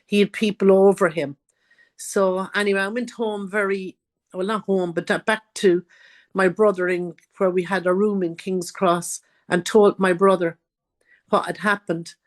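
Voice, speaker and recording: A woman's voice: medium pitch, fairly even intonation, measured pace. An Irish woman, a guest author, telling her own life story in an interview and acting out what others said. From Ireland.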